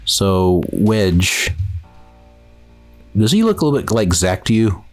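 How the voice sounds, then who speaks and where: A man's voice: on the low side, very animated, takes it slowly, soft background music. A man co-hosting a podcast in casual chat, joking and swearing casually, poking fun at himself. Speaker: podcast co-host.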